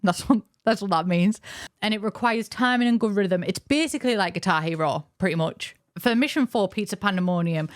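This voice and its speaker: A woman's voice: medium pitch, a little fast, dry recording, clean studio sound. A young woman narrating a game lore video in a chatty, jokey way, full of playful asides. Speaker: YouTuber.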